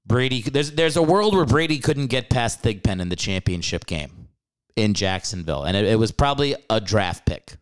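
A man hosting a comedy podcast with a smooth, resonant voice. His pitch swings widely as he rants about sports, swearing freely and breaking into laughter often. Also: lively intonation, moderate pace. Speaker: podcast host. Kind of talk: casual comedic sports rant.

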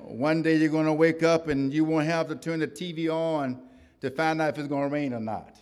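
A man's voice: on the high side, steady tone, moderate pace, a little mellow, big-room sound. A middle-aged man preaching a sermon to a church congregation, building rhythmic repetitions and calling for responses. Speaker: pastor.

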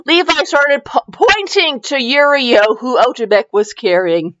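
A woman hosting a fan fiction reading podcast, excitable and giggly, wired on caffeine and prone to laughing tangents. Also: medium pitch, a little slow, few pauses, muffled recording. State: wired on caffeine after little sleep. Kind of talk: comedic dramatic reading.

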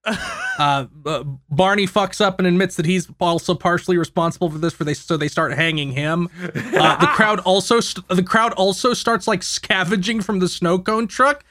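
A man's voice: high-pitched, sing-song, moderate pace, sharp tone. A man casually recapping a movie plot on a podcast, swearing and laughing along the way. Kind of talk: casual chat.

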